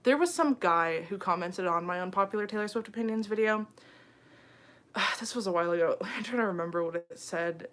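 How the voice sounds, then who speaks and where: A woman's voice: medium pitch, brisk, a bit bright. A young woman hosting a late-night phone livestream, reading viewer comments and chatting casually, giggling often and filling her talk with "um" and "like". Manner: chatty, giggly, heavy on fillers like "um" and "like".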